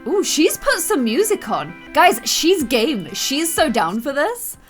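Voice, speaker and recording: Woman, twenties, gameplay commentary, bubbly and chatty, a bit stuffy, fairly high voice, very lively pitch. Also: slow pace, faint music behind. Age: 20s. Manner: bubbly, exclamatory, chatty with viewers. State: congested and sneezy. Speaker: gaming YouTuber.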